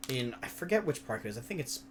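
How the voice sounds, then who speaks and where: A man's voice: medium pitch, sing-song, quick pace, a little hiss or hum. A young man chatting casually as a stream co-host, telling funny stories, laughing often and swearing freely. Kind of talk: casual chat.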